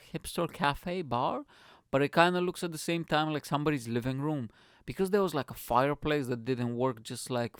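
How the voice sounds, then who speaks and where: A man hosting a podcast, telling a story in an excitable, rambling way and swearing freely. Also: a little high, clean tone, no echo, clean studio sound. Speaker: podcast host. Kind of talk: casual storytelling monologue.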